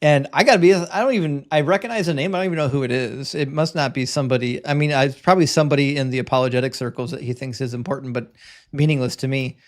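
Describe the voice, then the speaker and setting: A man hosting a live-streamed debate show and reading viewer messages, talking bluntly and lecturing, with quick stammered restarts. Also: mid-range voice.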